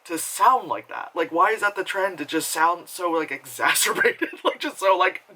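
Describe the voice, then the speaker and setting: A man's voice: high-pitched, expressive, normal speed, bright, forceful tone, poor audio. A man talking casually from home as he reviews a movie, rambling, swearing freely and laughing at himself. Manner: rambling, profane, self-mocking with frequent laughs.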